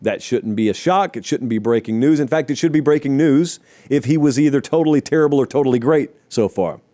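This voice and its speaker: A man's voice: medium pitch, a little fast, dark tone. A man hosting a sports talk show, giving opinionated, conversational commentary with wry asides to his producers.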